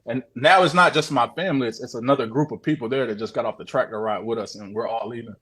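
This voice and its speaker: Man excitedly retelling a strange sighting. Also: mid-range voice, fast talker, husky. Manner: profane, repetitive, animated retelling. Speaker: guest sharing a sighting. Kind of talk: casual storytelling.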